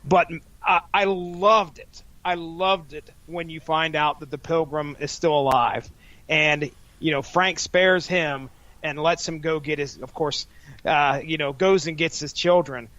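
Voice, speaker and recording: A man's voice: fairly high pitch, fairly even intonation, unhurried, a bit bright, dry recording. A man chatting casually on a podcast, responding enthusiastically with restarts and affirmations. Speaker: podcast co-host. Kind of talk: casual review chat.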